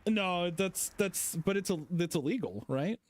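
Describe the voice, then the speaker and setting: A man's voice: sits high, expressive, a little slow. A man chatting casually, giggly and hesitant. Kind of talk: casual chat.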